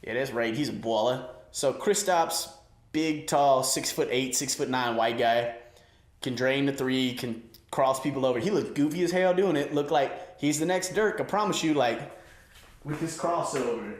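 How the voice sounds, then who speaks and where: A man's voice: medium pitch, moderate pace. Joking, slangy young man in an echoey room. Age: 20s. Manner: loose, joking, slangy riffing. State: a little winded. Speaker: host. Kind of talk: stand-up sports comedy. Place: room with an audience.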